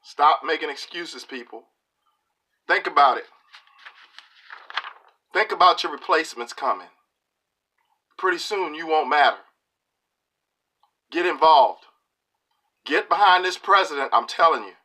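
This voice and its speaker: A man's voice: fairly high pitch, animated, measured pace, long pauses, bright, forceful tone. A middle-aged man giving a preachy, emphatic political monologue to camera, talking colloquially and repeating lines for punch. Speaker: political video commentator.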